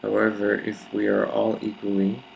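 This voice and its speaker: Man, low gravelly voice, flat delivery; reflective solo talk. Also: moderate pace, a little hiss or hum, low-quality recording. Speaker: video speaker.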